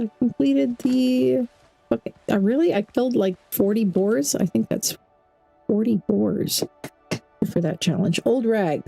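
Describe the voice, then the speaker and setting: Woman streamer chatting thru her game, mellow tone, kinda rambly, thinking out loud. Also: fairly high pitch, unhurried, creaky, slightly rough, faint music behind. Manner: chatty, thinks aloud while playing. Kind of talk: casual let's-play commentary.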